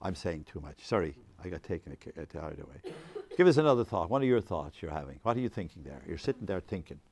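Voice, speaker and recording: A man leading a faith discussion with an audience, rambling and animated, laughing often and restarting his sentences. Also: sits low, quick pace, creaky. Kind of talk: informal talk with audience questions.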